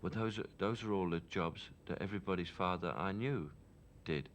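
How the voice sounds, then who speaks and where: A man with a Cockney accent speaks in a very low, deep register, candid and opinionated as he reflects in a television interview. His tone stays frank and unguarded, and faint noise hums under the old archive recording. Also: moderate pace. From London, England.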